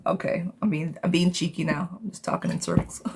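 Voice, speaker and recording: Woman tarot reader on a live stream, lowish voice, chatty and affectionate, with a noisy, clicky recording. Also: normal speed, vocal fry. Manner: chatty, affectionate, calls viewers darling and sweetheart.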